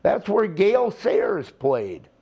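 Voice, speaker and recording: Older male wrestler, slow deliberate talker, swears and plays every part. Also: high-pitched, wildly swooping pitch, creaky, mellow, slightly rough, highs cut off. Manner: slow, rambling storytelling with profanity and acted-out quotes. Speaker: retired wrestler, interview guest. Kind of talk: storytelling shoot interview.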